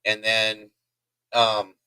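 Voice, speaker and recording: A man's voice: lowish voice, completely flat delivery, drawn-out words, sharp tone, smooth, no room sound, poor audio. A man hosting a livestream from home, telling a story in a hyper, rambling way with chatty asides to his viewers. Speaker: livestream host. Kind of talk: casual storytelling to a live chat.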